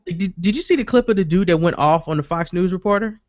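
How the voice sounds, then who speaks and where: On a casual podcast, a male host tells a story with lots of energy, acting out what people said and swearing freely. His voice is high and he talks fast. The recording is dull, with no room sound.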